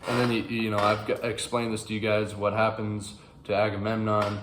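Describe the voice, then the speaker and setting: A man hosting a book channel, casually explaining classic literature in a rambling, animated way with frequent fillers. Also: on the low side, a little fast, few pauses, slight background noise. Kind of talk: casual classics commentary to camera. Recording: roomy with faint ambience.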